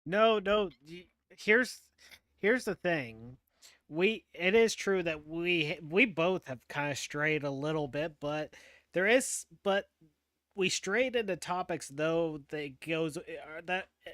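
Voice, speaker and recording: A man's voice: fairly high pitch, slow, fairly bright tone, dry recording, studio quality. A man hosting a casual podcast chat, talking in a loose, chatty way with lots of fillers, restarts and laughter. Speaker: podcast host.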